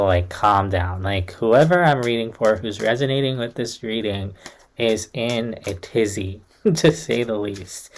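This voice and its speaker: A man's voice: mid-range voice, slight background noise. A young man giving a casual, reassuring tarot reading to camera, talking in a loose, chatty way full of fillers. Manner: chatty, reassuring, uses many fillers like "like" and "kind of". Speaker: tarot reader.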